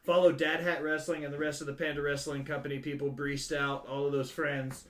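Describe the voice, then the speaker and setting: A man hosting a wrestling podcast, joking and rattling off shout-outs. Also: on the high side, little pitch movement. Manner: joking, rapid shout-out lists. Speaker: podcast host. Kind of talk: casual podcast chat.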